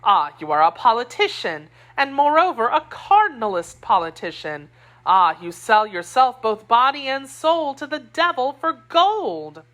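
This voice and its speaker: Woman reader doing a fierce young wife, scornful and passionate, pitch leaping all over. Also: big pitch swings, unhurried, a bit bright. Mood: indignant. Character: spirited young woman, loyal to her queen.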